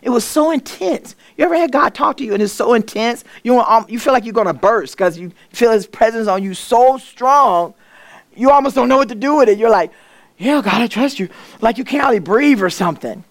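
A middle-aged woman sharing a church testimony, telling her story with reenacted dialogue and moving between hushed, tearful quiet and loud exclamations. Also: a little high, expressive, brisk. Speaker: guest speaker sharing a testimony.

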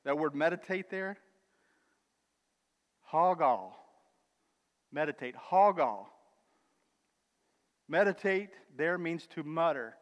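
A man preaching a sermon with emphatic, building declarations and quieter asides, calling listeners brother and sister. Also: fairly high pitch, lively intonation, slow pace, pauses often. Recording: long reverb of a large hall.

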